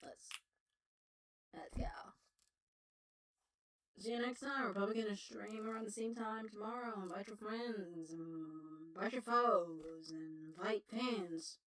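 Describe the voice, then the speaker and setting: A woman's voice: medium pitch, slow pace, a bit bright. Woman streamer, loose profane rambling chat, slightly distant mic. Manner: rambling, profane, laughing often. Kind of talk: casual livestream chat.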